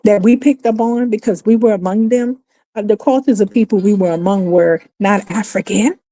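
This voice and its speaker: A woman's voice: medium pitch, moderate pace, mellow. A woman from New Orleans with a New Orleans accent, hosting a casual livestream and talking in an emphatic, exasperated way with frequent profanity. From New Orleans, USA. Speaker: livestream host. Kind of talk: casual opinionated livestream talk.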